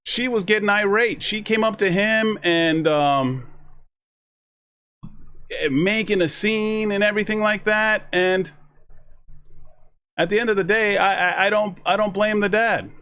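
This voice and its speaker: A man reacts to a video live, talking casually to his chat, rambling, restarting his sentences, and acting out what other people said. His voice sits high with a sharp, clean tone, and he speaks at a measured pace with long pauses.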